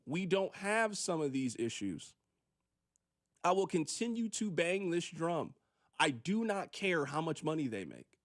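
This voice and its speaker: A man hosting sports radio, delivering an emphatic, preachy opinion monologue and briefly acting out quick voices, on a studio microphone. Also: fairly high pitch.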